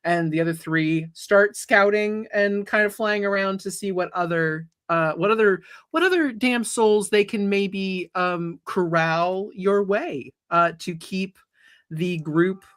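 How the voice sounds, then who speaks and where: A woman's voice: mid-range voice, measured pace. A woman narrating as game master of a tabletop game, speaking hesitantly with many fillers.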